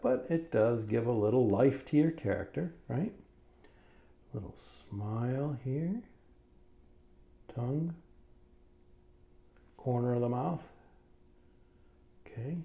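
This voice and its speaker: Man, middle-aged, cartoonist, drawing lesson for kids, unhurried, mellow tone, encouraging. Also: medium pitch. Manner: friendly, encouraging, asks "right?" often.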